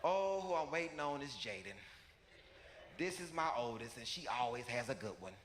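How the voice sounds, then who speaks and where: A man's voice: mid-range voice, normal speed. A male stand-up comedian telling a family story, repeating lines for effect. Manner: animated, with repetition for effect. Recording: live hall with background noise.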